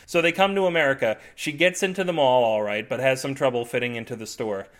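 A man narrating an absurd comic story in a deadpan way, with wry asides to listeners. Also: medium pitch, fast talker, hardly any pauses.

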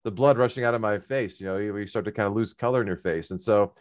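A man's voice: on the low side, fast talker. A middle-aged man casually telling a long personal story, rambling with many fillers and restarts.

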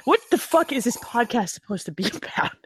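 Animated, foul-mouthed podcast woman. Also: on the high side, a little fast, breathy edge, dry recording. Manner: animated, profane, laughs often. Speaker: podcast co-host. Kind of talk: casual chat.

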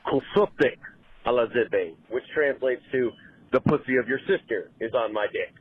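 A man calling in from his car, explaining slowly with many hesitations. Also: mid-range voice. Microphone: phone call. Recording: tinny phone line.

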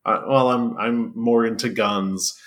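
A man's voice: medium pitch, a little slow. A man co-hosting a casual comedy podcast, joking playfully and often laughing. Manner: playful, lively, laughs between phrases. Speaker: podcast co-host.

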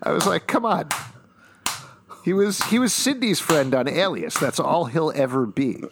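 A man co-hosting a podcast, recapping a TV episode in casual chat, playful and quick to laugh. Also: on the high side, very animated, noisy background. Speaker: podcast co-host.

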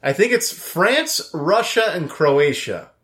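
Guy cohosting a podcast, voice jumps all over, laughs a lot, pitch a bit high. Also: sing-song, takes it slowly, a bit bright. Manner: playful, laughs often. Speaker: podcast co-host. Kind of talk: casual chat.

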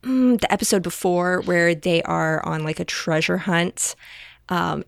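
A woman's voice: on the low side, creaky, no echo, clean studio sound. A woman co-hosting a casual chat, gushing with enthusiasm and leaning on lots of fillers. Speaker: podcast co-host.

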